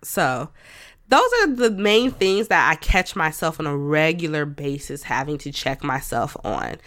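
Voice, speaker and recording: A woman with a low voice and lively intonation speaks at a measured pace, her tone a bit bright, in an echo-free studio recording. She's hosting her own podcast, reflecting conversationally and candidly on herself, adding self-talk asides and gentle laughs.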